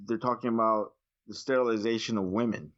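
A man co-hosting a casual movie review chat, animated and swearing freely. He acts out his own reactions with jumps in pitch. The recording is a little dull and lo-fi. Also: brisk. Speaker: podcast co-host reviewing movies.

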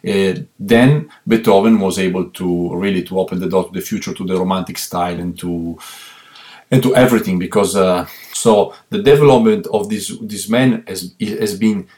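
Italian guy on a call, kinda low voice, lots of uh and restarts. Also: darkish tone. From Italy. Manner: halting, many fillers and restarts, earnest. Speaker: guest musician. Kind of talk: interview answers. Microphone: remote call.

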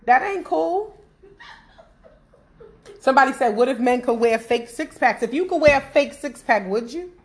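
Animated high-voiced woman podcast host. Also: moderate pace, long pauses. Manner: animated, laughing, talking to listeners. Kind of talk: casual chat.

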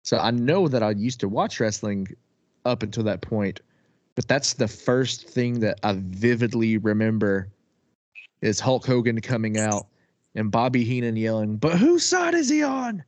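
A man co-hosting a casual podcast chat, excitable, laughing often and swearing casually. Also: lowish voice, a little slow, no room sound, muffled recording. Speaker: podcast co-host.

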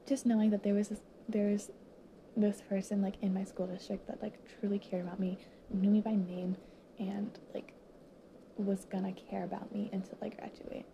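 In a muffled recording with slight background noise, a late-teen high school student, a young woman, talks to viewers choked up and teary. Her emotional monologue halts, pauses, and keeps dropping into whispers, in a creaky, dark voice with little pitch movement.

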